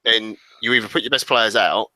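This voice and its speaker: Fast, bright-voiced man arguing. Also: lowish voice, steady tone, dry recording, low-quality recording. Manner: argumentative, insistent. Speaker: podcast panelist. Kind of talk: casual football chat.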